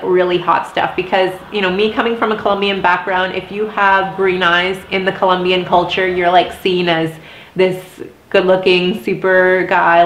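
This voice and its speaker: A woman's voice: lowish voice, a little hiss or hum. A young adult woman telling a candid, emotional story in a casual storytime vlog, with lots of "like". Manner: candid, emotional, heavy use of "like". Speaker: vlogger. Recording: roomy echo.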